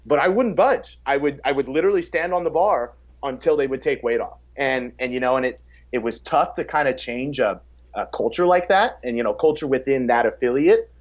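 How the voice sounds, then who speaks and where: A man's voice: mid-range voice, brisk. A man in casual podcast conversation, talking about coaching with energy. He often repeats words as he starts sentences. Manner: acts out quotes in a raised voice. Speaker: fitness coach, podcast guest. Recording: slightly dull podcast audio.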